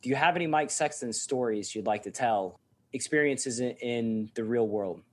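A man's voice: medium pitch, normal speed. A man hosting a casual interview and asking curious questions.

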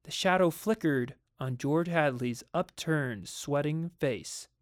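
A man's voice: fairly high pitch, no room sound. Man reading a story, dry sound. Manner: measured, vivid storytelling. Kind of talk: reading a short story aloud.

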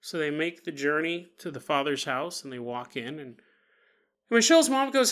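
A male podcast host narrates a paranormal tale with lively, animated delivery, repeating and restarting words as he goes. His tone is bright and forward. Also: on the high side, moderate pace. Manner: animated retelling with acted-out quotes and stumbles.

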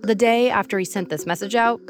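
A woman hosting a podcast, giving measured, dramatic scripted narration. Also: medium pitch, music in the background. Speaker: podcast host.

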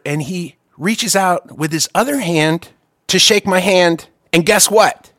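A man telling a long story in casual chat, profane and animated, with quick asides and restarts. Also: sits high, no room sound, clean studio sound.

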